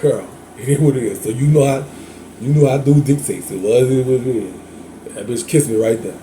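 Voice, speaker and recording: A Louisiana host with a New Orleans accent tells a candid storytime monologue, flamboyant and chatty, laughing often and calling listeners "girl." His voice is medium-pitched and dark, and he talks briskly over slight background noise.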